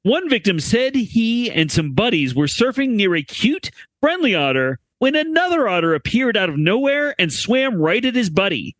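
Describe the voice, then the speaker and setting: A man's voice: high voice, sing-song, moderate pace, few pauses, a bit bright, no room sound. A man co-hosting a comedy news podcast, reading stories aloud with playful emphasis.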